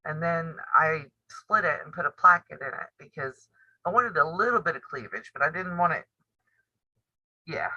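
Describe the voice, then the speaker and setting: A woman in her fifties chats live with her viewers, blunt and teasing, laughing often. Her voice is very bright and sharp. It sounds dry and a little dull, like a modest home mic. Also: low voice, expressive, moderate pace, breathy edge, no room sound. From United States. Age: 50s. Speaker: sewing and quilting channel host. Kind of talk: casual live-stream chat.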